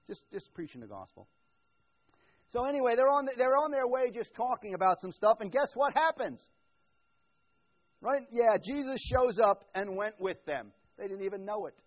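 A man preaching a conversational sermon as pastor, shifting from quiet asides to loud, emphatic build-ups. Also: very high-pitched, animated, moderate pace, lo-fi sound.

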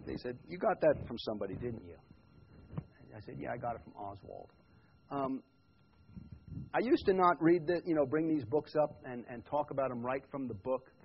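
A man preaching a sermon in a church, loud when quoting scripture and quiet in his asides. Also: a little high, a little hiss or hum. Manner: swings from loud emphatic quotes to quiet reflective asides. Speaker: pastor. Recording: muffled lo-fi church recording.

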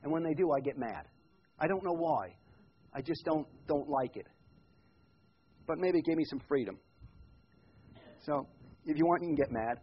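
Preacher, male, husky voice, loud scripture quotes and quiet asides, muffled church tape. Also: fairly high pitch, animated, moderate pace, pauses often. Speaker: pastor. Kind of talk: sermon.

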